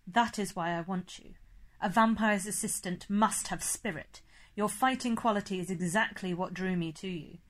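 A woman reading aloud performs a stern, ancient male vampire with a formal, clipped way of speaking, laying out terms in an even, commanding tone. The voice sits at a middle pitch for a woman and stays measured in its storybook telling. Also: lightly acted. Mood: approving. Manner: stiff, precise, no contractions. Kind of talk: audiobook reading.

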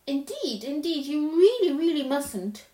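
A frightened, kindly male faun frets anxiously in a courteous, old-fashioned manner, as a woman reads him aloud. The voice sits a bit high and carries a roomy echo. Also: very animated, measured pace, warm tone. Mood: fearful.

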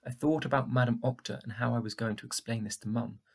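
A man reading a first-person storybook aloud in a steady, plain way, with a husky voice. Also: mid-range voice, fast talker. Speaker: audiobook narrator.

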